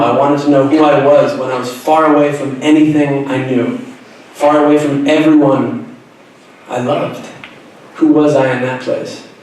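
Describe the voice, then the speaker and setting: A man's voice: medium pitch, a little mellow, distant mic. Man speaking in a very echoey hall. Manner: earnest, reflective, self-deprecating humor. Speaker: author giving a school talk. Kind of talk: personal storytelling speech. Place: school auditorium.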